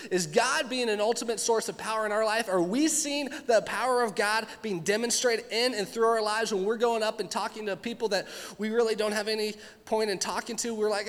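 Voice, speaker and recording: A man's voice: high-pitched, a little fast, a bit bright, in a large hall. A man preaching a sermon in an earnest, conversational way, acting out quotes and questions. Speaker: pastor.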